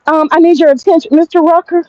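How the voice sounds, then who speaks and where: A woman's voice: very high-pitched, fairly even intonation, fast, darkish tone, dry recording, voice pushed up. A woman mocking a needy, whiny streamer girl. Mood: pleading. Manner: pleading, needy, repetitive. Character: whiny attention-seeking young woman streamer. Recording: dull lo-fi dry sound.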